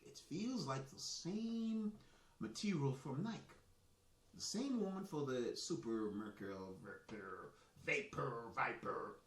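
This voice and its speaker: A man's voice: on the high side, a little hiss or hum. A man with a Jamaican accent hosting a soccer live stream, talking in a chatty, boastful, rambling way. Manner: animated, boastful, chatty with restarts. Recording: echoey room, mic at a distance.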